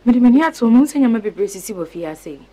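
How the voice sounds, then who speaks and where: A woman's voice: a little high, animated, very fast, warm tone. Probing, suspicious woman.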